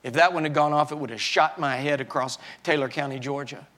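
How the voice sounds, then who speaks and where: Male pastor, older, higher-pitched, personal testimony sermon that builds loud and then drops low. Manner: swings from shouting fury to quiet, halting confession.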